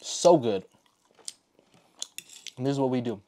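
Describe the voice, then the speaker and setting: An unhurried man chats casually in an eating vlog, drawing out his words between bites. He often talks with his mouth full. Cutlery and dishes clink in the background. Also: medium pitch, expressive, warm tone, a little hiss or hum. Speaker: vlogger.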